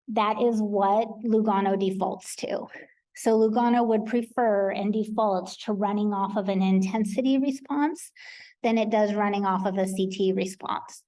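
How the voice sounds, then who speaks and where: American woman walking coordinators through scan rules, warm low-key tone, lots of ums. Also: rough recording. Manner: practical, explanatory, with frequent ums. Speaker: research coordinator presenter. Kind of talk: conference presentation. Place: conference hall.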